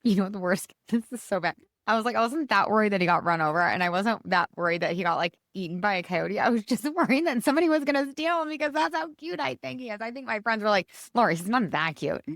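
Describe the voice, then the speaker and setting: A woman's voice: fast, fairly bright tone, dry recording, clean studio sound. A woman hosting a podcast, talking casually and with lots of energy, often addressing her listeners as "you guys". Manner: bubbly and chatty, swinging pitch, fillers like "you guys". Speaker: podcast host. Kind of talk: casual motivational podcast talk.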